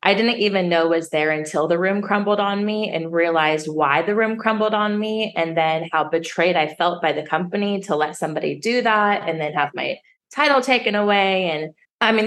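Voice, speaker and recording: A woman with a low voice tells a personal story in an interview, speaking frankly and now and then swearing. She acts out what others said to her, her voice jumping up when she quotes them. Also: fairly bright tone. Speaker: sommelier guest.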